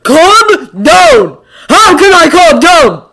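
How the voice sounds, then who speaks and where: A reader putting on a raging male thunder god, loud and strained, his voice pitched up and thrown from a little way off the mic. He shouts in outrage. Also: very animated, very slow, creaky, heavily acted. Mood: furious.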